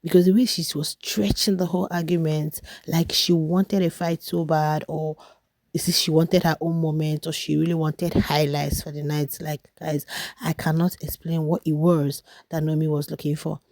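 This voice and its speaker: Low-voiced Nigerian woman gossiping. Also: level tone, moderate pace, a little mellow, dry recording. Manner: chatty, gossipy, talks straight to viewers. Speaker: reality show commentator. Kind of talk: casual reaction vlog.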